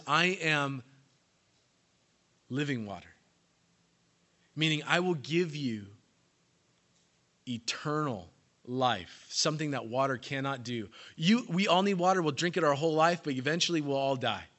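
A man preaching a sermon, telling the story dramatically and swinging between hushed and loud delivery. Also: on the high side. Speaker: pastor. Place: church in California.

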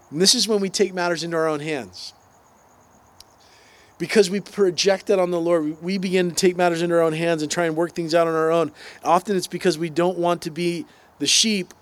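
A man, preaching a conversational sermon with asides and acted-out quotes. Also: high-pitched. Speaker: pastor.

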